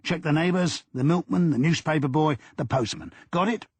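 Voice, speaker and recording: A man's voice: a little high, normal speed, slightly rough, no echo, pitched above the performer's own voice. A man reading an audiobook, voicing a brusque, irritable middle-aged detective boss with a South London accent. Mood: irritable, commanding.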